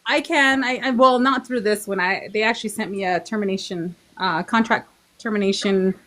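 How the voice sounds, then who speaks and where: A forty-year-old woman from the Navajo Nation in Arizona, talking earnestly as a podcast guest, pausing and restarting as she speaks. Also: medium pitch, fairly bright tone. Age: 40s. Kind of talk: casual chat.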